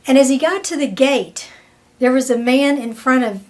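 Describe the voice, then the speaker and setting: A woman's voice: high-pitched, a little mellow. A woman presenting a weekly wellness tip, telling a story and acting out the people in it. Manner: slow, storytelling, acts out quoted people.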